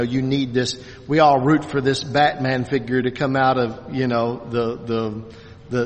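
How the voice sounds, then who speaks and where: A man teaches a church class, his voice carrying a long reverb as if in a big hall. He talks in a halting, unscripted way, full of restarts and fillers, and pokes fun at himself when he stumbles. His pitch sits in an ordinary middle range. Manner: halting, many restarts and fillers, self-deprecating. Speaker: Bible teacher.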